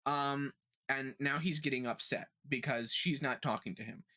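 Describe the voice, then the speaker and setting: A man's voice: mid-range voice, steady tone, moderate pace, bright, forceful tone. A man co-hosting a casual comedy podcast, retelling a chat with swearing and exasperated disbelief. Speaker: podcast co-host.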